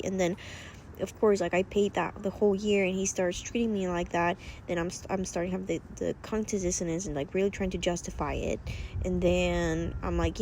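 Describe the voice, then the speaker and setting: A young woman speaks at an ordinary middle pitch in a loose vlog style. She rambles, repeats words and leans on fillers as she talks. A faint hiss of noise sits behind her voice. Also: fairly even intonation, fairly quick, creaky, darkish tone. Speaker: vlogger and coach. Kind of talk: casual vlog talk.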